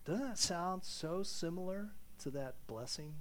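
A man's voice: high-pitched, animated, a little slow, few pauses. A man preaching a sermon in a conversational way, stumbling and repeating words as he thinks aloud, then reading scripture with rising intensity. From Irish ancestry. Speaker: pastor.

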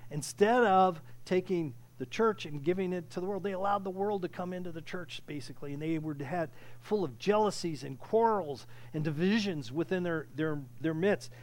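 A man preaching a sermon with impassioned delivery, often restarting phrases and building to loud peaks. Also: high voice, normal speed, hardly any pauses. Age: older. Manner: impassioned, rising to near shouting, with frequent restarts. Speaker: pastor.

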